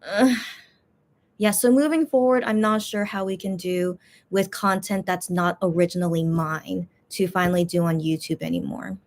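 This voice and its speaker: A woman's voice: fairly low pitch, fairly even intonation, moderate pace, a little mellow. Woman vlogger, casual rambling chat, lots of fillers, frustrated, complaining tone. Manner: rambling, many fillers and restarts. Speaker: YouTube channel host.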